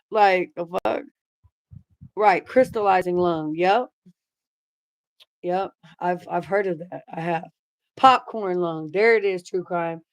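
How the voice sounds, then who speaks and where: A woman's voice: on the low side, takes it slowly, pauses often, no room sound. A middle-aged woman hosting a casual livestream, reading comments aloud and talking bluntly with lots of swearing. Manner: blunt, swears freely, chatty. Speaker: livestream host reading chat.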